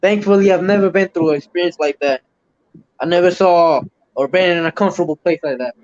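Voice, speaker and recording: Man, high voice, profane, heated, livestream host, muffled sound. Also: brisk, a little mellow. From Puerto Rico. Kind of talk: casual chat. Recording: muffled lo-fi stream audio.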